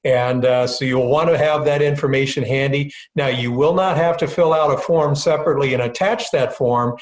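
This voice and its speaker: A man's voice: medium pitch, moderate pace. A man presenting a county grant webinar as its director, talking loosely with many uh's and um's. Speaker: county economic development director. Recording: roomy echo.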